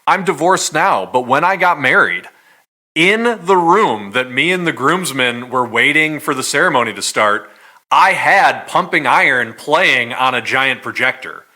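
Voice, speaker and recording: Animated bright-voiced man arguing a point. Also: mid-range voice, unhurried. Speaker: podcast co-host. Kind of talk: casual chat.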